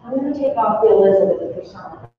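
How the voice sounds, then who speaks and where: A woman officer preaching an informal sermon, chatty and quick, often breaking off and restarting her sentences. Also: mid-range voice, a little hiss or hum. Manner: chatty, quick, self-interrupting. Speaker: Salvation Army officer preaching. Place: church hall. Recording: echoey hall, distant mic, dull sound.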